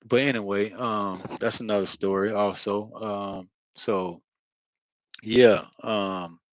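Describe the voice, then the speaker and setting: A man with a low voice talks through a rambling spiritual monologue, full of fillers and long sighs. He is earnest and blunt, swearing now and then. The sound is dry and close. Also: steady tone, no echo, low-quality recording. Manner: halting, with many fillers and heavy sighs. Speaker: spiritual vlogger.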